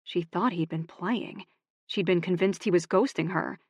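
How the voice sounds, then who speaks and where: A woman narrating a romance audiobook in a calm, even voice on a close studio mic. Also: fairly low pitch, normal speed, dry recording, dull audio.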